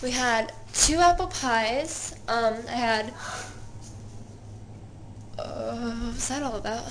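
A woman's voice: a little high, slow pace, pauses often, a little hiss or hum. Chatty young woman vlogging at home. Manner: chatty, giggly, lots of fillers. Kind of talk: casual vlog chat. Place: family home.

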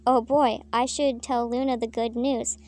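Eager male dog creature, loud, high, flat, voiced by a woman reader. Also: unhurried, lightly acted. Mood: excited.

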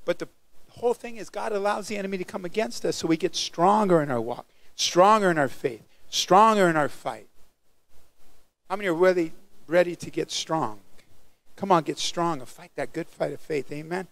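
A male pastor preaching a sermon, animated and calling out to the congregation for responses. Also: high voice, fairly quick, dry recording.

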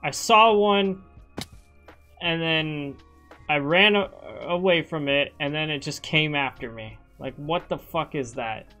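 A woman's voice: low-pitched, slow pace, fairly bright tone. A woman streaming a video game in casual chat, jumpy and swearing often, shrieking when startled. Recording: faint music behind. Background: background music.

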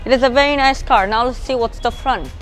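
A woman's voice: fairly high pitch, brisk, soft background music. A woman with a Bangladeshi English accent giving a casual walkaround car review outdoors, explaining features as she points them out, her voice drifting from the camera mic as she moves. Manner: chatty, explanatory, points things out as she goes. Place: outdoors beside a parked car.

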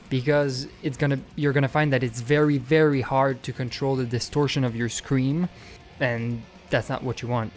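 Brief: young man, casual tutorial talk, mid pitch, faint music behind. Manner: explains with many fillers and "okay?" check-ins. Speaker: vocal tutorial creator.

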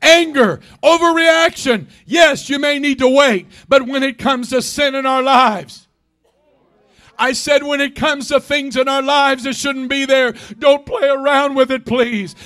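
A man in his sixties preaching a fervent Pentecostal sermon in a church, often shouting and calling for responses. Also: extremely high pitch. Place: church sanctuary.

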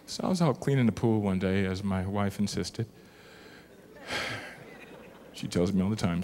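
A middle-aged motivational speaker tells a comic story to a live audience, animated and exaggerated, breaking into sudden yelps. His voice is deep, he speaks at a normal speed, and he takes long pauses.

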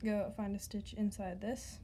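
A woman walking the viewer step by step through a craft tutorial, speaking chattily straight to them, stumbling over words now and then, her voice slightly hoarse. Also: medium pitch, level tone, a little slow, warm tone, a little hiss or hum.

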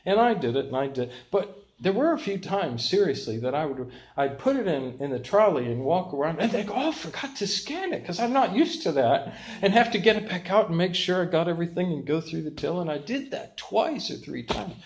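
An older man delivers a sermon, pastor at the pulpit. His voice sits a little higher than most men's. He spins a lively, self-mocking story with plenty of humor. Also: brisk, slight background noise.

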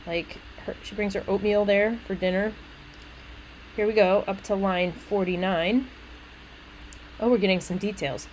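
A woman lecturing on a poem, chatty and animated, breaking off into casual asides as she explains. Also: mid-range voice, a little slow, slight background noise, low-quality recording. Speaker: literature lecturer. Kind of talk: recorded lecture reading a poem aloud.

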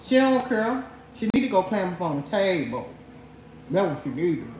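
A woman's voice: on the low side, very animated, normal speed, a little mellow, a little hiss or hum. A woman hosting a livestream, mocking someone and laughing as she talks straight to her viewers. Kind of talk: trash-talking livestream rant. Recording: echoey room.

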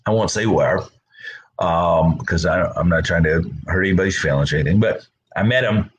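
Middle-aged male pastor, lowish voice, casual sermon delivery, repeats himself, mimics quoted speakers. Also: moderate pace, rough recording. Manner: conversational, repeats words, acts out quoted voices. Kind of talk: casual Bible teaching.

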